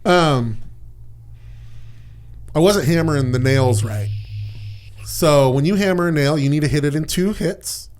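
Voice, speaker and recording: A man's voice: a little high, unhurried, pauses often, a little mellow. A man, the podcast guest, telling personal stories in a casual, candid way, swearing and dropping "man" and "dude".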